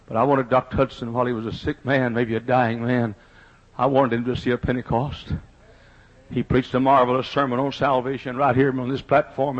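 A middle-aged man, preaching a fiery revival sermon in a rising cadence that builds to shouting. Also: mid-range voice. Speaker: pastor. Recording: dull lo-fi sermon recording.

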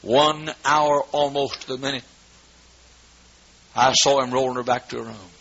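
A man preaching a sermon as pastor in a church, swinging between shouted fervor and hushed storytelling. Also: mid-range voice, fairly even intonation, normal speed, vocal fry. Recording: dull lo-fi recording with faint noise.

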